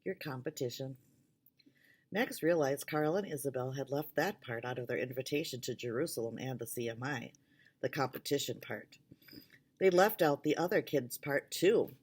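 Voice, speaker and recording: A woman reading a children's novel aloud in a steady narrating voice. Her pitch sits low, and she opens with a casual chat before the chapter. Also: normal speed, slightly rough. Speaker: reader.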